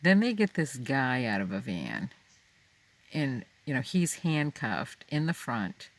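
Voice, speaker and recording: A man telling a personal story aloud, unscripted, halting and full of fillers and restarts. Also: medium pitch, sing-song.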